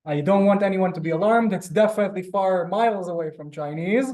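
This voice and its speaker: A man's voice: sits high, a little mellow. A man teaching a live beginner language class over a video call, drawing out and exaggerating each word he pronounces. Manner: drawn-out, exaggerated pronunciation of words. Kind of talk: live online beginner lesson. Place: teaching room in front of a board.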